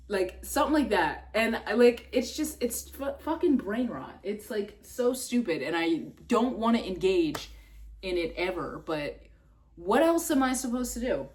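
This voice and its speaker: A young adult woman vlogging in a casual, rambling way, full of fillers and swearing, jumping up in pitch when exasperated. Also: very animated, unhurried, a little mellow. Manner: filler-heavy, swears, trails off and restarts.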